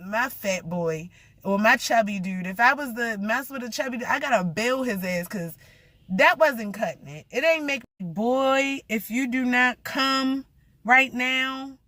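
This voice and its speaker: A woman's voice: a little high, a little slow, a bit bright, dry recording. A young woman rambling through a blunt, profane story in a casual vlog rant.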